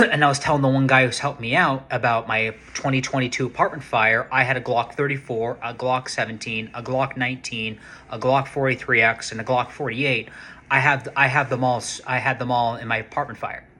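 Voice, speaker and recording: Excitable rambling man with a bright voice. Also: mid-range voice, a little fast, a little hiss or hum. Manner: rambling, restarts often, excited and profane about guns. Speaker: vlogger, casino security worker. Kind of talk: casual storytelling vlog.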